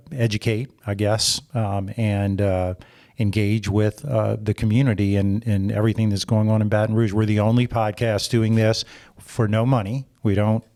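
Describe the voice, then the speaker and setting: A man hosting a podcast in casual chat, halting and full of filler words. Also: lowish voice, darkish tone. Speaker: podcast host.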